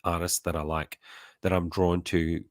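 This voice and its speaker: A man's voice: low voice, little pitch movement, measured pace, no room sound, studio quality. A man hosting a casual live chat about comedy, sounding congested from a sinus illness, laid-back and laughing often. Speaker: host.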